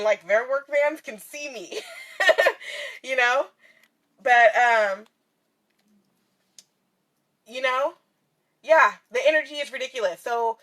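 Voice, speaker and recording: A woman's voice: high voice, fairly bright tone. A woman vlogger and spiritual reader talking candidly and tearfully to her viewers, swearing freely and laughing often. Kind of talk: casual heartfelt livestream talk. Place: in her van in bright sunlight.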